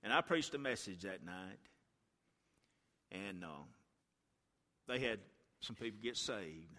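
A man preaching a revival sermon as a guest speaker in a church, telling a story and building to impassioned shouts. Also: lowish voice, animated, takes it slowly. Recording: long church reverb.

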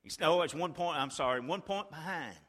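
A man preaching a sermon, retelling a story like a play-by-play and swinging from a hush to a shout. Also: fairly high pitch, a little fast, in a large hall.

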